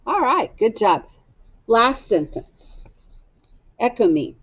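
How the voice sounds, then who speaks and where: A woman's voice: mid-range voice, animated, drawn-out words, dull audio. A woman teacher giving a recorded phonics lesson for children, spelling words out letter by letter in a patient, encouraging way. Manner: gently encouraging.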